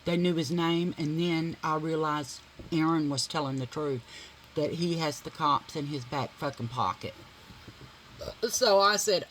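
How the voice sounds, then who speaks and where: A woman's voice: low voice, a little slow, fairly bright tone, a little hiss or hum, low-quality recording. A middle-aged woman vlogger telling a dramatic story while doing her makeup, blunt and full of swearing.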